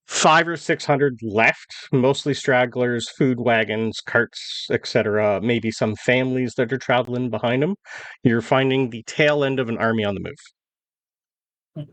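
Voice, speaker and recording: A man narrates as game master for his tabletop group. His voice sits at a middle pitch and his manner is casual and unhurried, with fillers as he sets the scene. The recording is dry and close. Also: a bit bright, no room sound.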